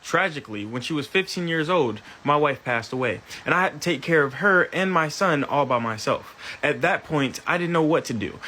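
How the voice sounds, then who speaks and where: A man's voice: on the high side, pushed and bright. Man telling a blunt first-person story. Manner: blunt, emphatic, repeats phrases.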